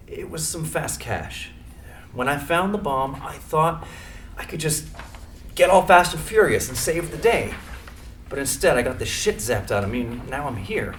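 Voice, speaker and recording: A man's voice: medium pitch, a bit bright, a little hiss or hum. A man playing a young suspect, defensive and informal, in a screenplay reading.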